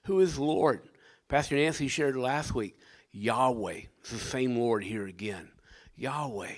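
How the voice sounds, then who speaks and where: An older man, a pastor, delivering a sermon with dynamic preaching that swings from loud emphasis to hushed tones. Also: mid-range voice, lively intonation, measured pace, no room sound.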